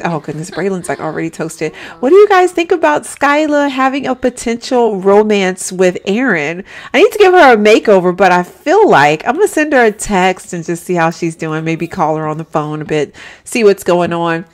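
A woman's voice: mid-range voice, animated, moderate pace. A woman giving chatty, giggly let's-play commentary on a life-simulation game, talking straight to her viewers.

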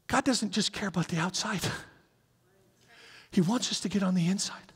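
A middle-aged man preaching a sermon in a lively, conversational way, acting out little scenes as he goes. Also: sits high, brisk, long pauses, husky. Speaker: pastor. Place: church sanctuary. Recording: reverberant hall.

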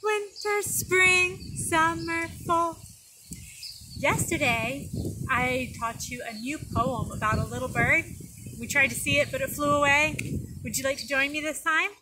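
Woman preschool teacher, high and unhurried, sing-song and exaggerated, noisy home recording. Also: fairly even intonation. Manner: gentle, sing-song, exaggerated for small children. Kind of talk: video lesson for young children. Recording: noisy background.

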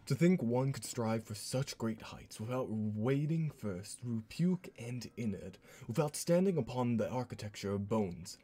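A man reading out a game's notes in a put-on fake accent, voicing an obsessed, grim older male scientist who speaks slowly and solemnly. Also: medium pitch, animated, dark tone, slightly rough. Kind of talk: dramatic reading of game notes.

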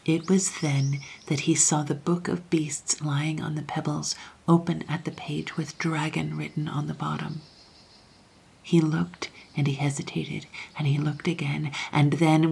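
A woman with a low, gravelly voice reads a classic children's story aloud. Her delivery is soft, often slipping into a half whisper, with a faint hiss behind her.

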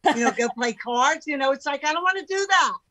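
A woman's voice: high voice, a little fast, rough recording. An older woman, a podcast guest and entrepreneur, talking emphatically in casual conversation and acting out the voices of people she quotes. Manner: emphatic, animated, acts out quoted speech.

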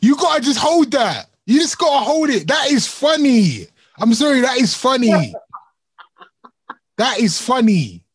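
A man's voice: very high voice, sing-song, unhurried, breathy edge, no echo. A young man co-hosting a live chat show, heated and slangy, laughing often. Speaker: co-host of a live discussion stream. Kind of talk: casual chat.

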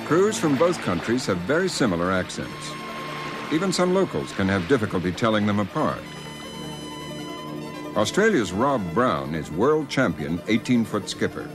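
A man narrating a documentary in a measured, expressive scripted delivery. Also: fairly low pitch, over music.

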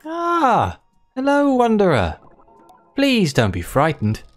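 A game player voicing a gentle, motherly giant female creature queen from a video game, reading her lines with a cooing, doting manner. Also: medium pitch, wildly swooping pitch, slow, faint music behind, pitched above the performer's own voice. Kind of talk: reading game dialogue aloud.

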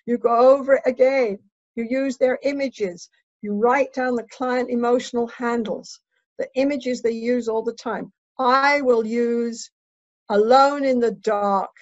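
A woman's voice: fairly high pitch, dry recording. Woman therapist lecturing on dull webinar audio. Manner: slows down and goes soft to demonstrate. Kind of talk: lecture with demonstration.

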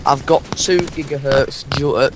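A man's voice: mid-range voice, fairly even intonation, moderate pace, background noise. A teenage English boy bantering casually with a friend about music and computers. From England. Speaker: gamer. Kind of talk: casual gaming chat.

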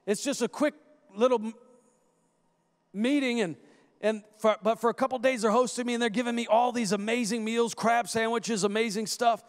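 A man, a guest minister, telling stories and prophesying in a sermon with animated, restarting delivery. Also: very high voice. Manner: animated, storytelling, repeats words in quick restarts.

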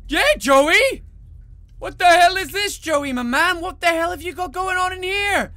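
Woman let's player, high and sharp, brash joking commentary with swearing. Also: animated, unhurried. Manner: brash, jokey, swears freely. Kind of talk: gameplay commentary.

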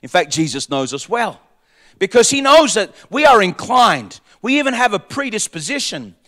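A pastor delivers a sermon in a very high voice for a man. He repeats key lines for emphasis, rising to shouted points and then dropping to quiet, conversational asides. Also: big pitch swings, normal speed. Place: church.

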